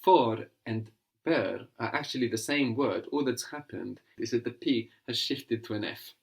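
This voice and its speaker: A man's voice: mid-range voice, a little slow, gravelly. Patient male language teacher. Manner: patient, explanatory, prompts the student to translate. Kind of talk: conversational language lesson.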